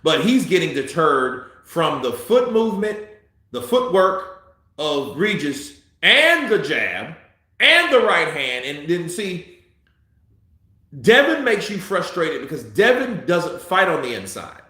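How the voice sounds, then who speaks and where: A man giving profane, heated live commentary on a boxing fight, a little tipsy, swinging between muttering and shouting. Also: on the high side, big pitch swings, slow, heavy reverb.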